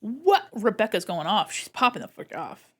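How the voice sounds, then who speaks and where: A woman's voice: mid-range voice, very animated, moderate pace. A woman streamer chatting casually while she draws. She is bubbly, greets her chat and exclaims often.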